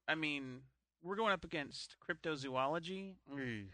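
A man's voice: a little high, measured pace, bright, forceful tone. A man co-hosting and editing a podcast, talking in a hesitant, wry way with lots of fillers. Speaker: podcast co-host and editor. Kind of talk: casual podcast chat.

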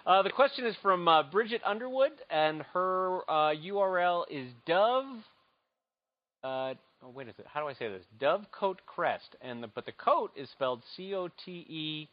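Giggly high-voiced man on a podcast. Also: lively intonation, normal speed. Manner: giggly, chatty, hesitant reader. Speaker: podcast co-host. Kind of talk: casual podcast chat. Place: convention booth. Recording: dull lo-fi recording.

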